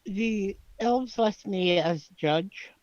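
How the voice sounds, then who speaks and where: A man speaks slowly and carefully as a player in a tabletop game. His mic sounds dull and lo-fi, in a dry room. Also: high voice, no room sound. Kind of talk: tabletop game role-play.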